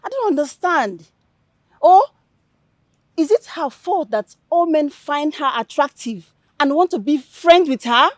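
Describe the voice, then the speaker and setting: A woman's voice: high voice, unhurried, no echo. An actress playing an upright young village woman who reproaches her scheming friends. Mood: pleading. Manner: reproachful, steady, pleading.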